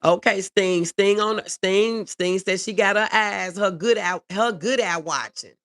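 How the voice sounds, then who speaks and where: A woman's voice: mid-range voice, a little slow, fairly bright tone. A woman hosting a casual livestream, reading viewer comments aloud and answering them in an earnest, reassuring way, often repeating her key phrases.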